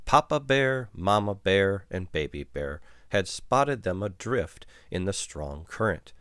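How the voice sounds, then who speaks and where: Male storybook reader, deep, crisp and bright in a dry close recording. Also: no echo. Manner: unhurried, expressive. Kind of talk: children's picture-book read-aloud.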